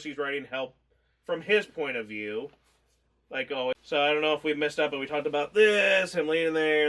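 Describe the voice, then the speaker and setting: A man with a fairly high voice co-hosts a loose movie review chat. He rambles from one point to the next, swears freely and breaks into laughter often. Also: pushed and bright. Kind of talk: casual chat.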